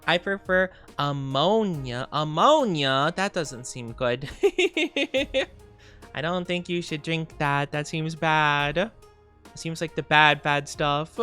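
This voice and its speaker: A woman streamer in casual live-stream chat, rambling between topics with frequent giggles. She sounds tired, her voice smooth and clear, sitting a little low for a woman. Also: expressive, slow, fairly bright tone, faint music behind.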